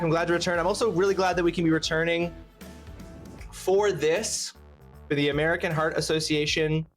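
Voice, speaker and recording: A man hosting a casual charity stream, rambling and thanking his chat by name, snacking between words. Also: fairly high pitch. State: eating while talking.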